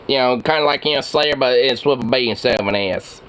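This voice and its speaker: A man's voice: medium pitch, steady tone, fast, hardly any pauses, a bit bright. A man hosting a reaction video, rambling casually with swearing, frequent laughs and many fillers.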